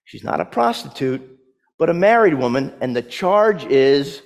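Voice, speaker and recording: A male preacher with a high, animated voice tells his story with vivid drama and sly humor. His words bounce up and down in pitch and hang in the long reverb of a large hall. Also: moderate pace, gravelly. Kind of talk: sermon.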